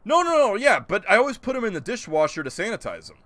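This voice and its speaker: Animated, lively male game streamer. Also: high-pitched, quick pace, no echo. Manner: incredulous, joking rants, answers chat. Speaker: gaming streamer. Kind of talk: casual live-stream chat.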